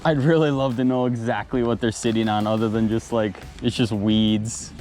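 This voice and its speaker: A man's voice: fairly low pitch, steady tone, normal speed, a little mellow, faint music behind. A man fishing from a kayak, talking casually and enthusiastically about the fish. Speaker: angler filming a fishing video. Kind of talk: excited outdoor fishing chatter. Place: on a kayak on a lake outdoors.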